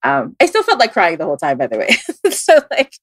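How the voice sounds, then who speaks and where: A woman with a Filipino accent, a guest tarot reader on a podcast, tells a story in a brisk, slightly breathy voice over a dry recording. She's casual and animated, full of fillers and restarts, and she acts out the voices she quotes with big leaps in pitch.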